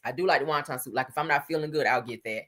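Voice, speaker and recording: A middle-aged woman hosts a livestream, chatting casually and saltily with her viewers, talking to chat and laughing often. Her voice is extremely low-pitched and a bit bright, and she speaks very fast.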